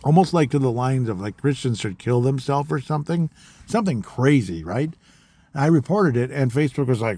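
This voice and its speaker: A man's voice: mid-range voice, lively intonation, fairly quick, warm tone, no echo. A man hosting a podcast, talking in a rambling, casual monologue that keeps repeating words and turns heated. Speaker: podcast host.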